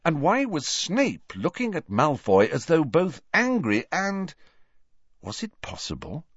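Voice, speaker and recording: A man narrates an audiobook with a lively, swooping pitch and an animated delivery. His voice is mid-pitched. The recording is dry and somewhat dull. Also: husky, dry recording. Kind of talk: scripted narration.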